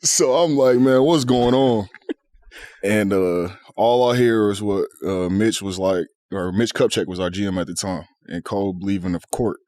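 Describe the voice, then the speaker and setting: A man with a lowish voice swaps stories in a relaxed, slangy chat and breaks into laughter often. The sound is close and dry, with no room around it. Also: normal speed, few pauses, dry recording. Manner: laid-back storytelling, laughs often, slangy. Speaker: podcast guest. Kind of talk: casual chat.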